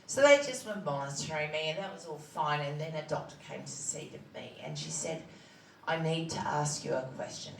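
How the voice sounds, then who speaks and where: Woman, low voice, plain-spoken personal testimony, roomy echo. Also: vocal fry, distant mic, a little hiss or hum. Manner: candid, plain-spoken, halting with fillers. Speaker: charity founder telling her story. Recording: echoey room, voice from off-mic.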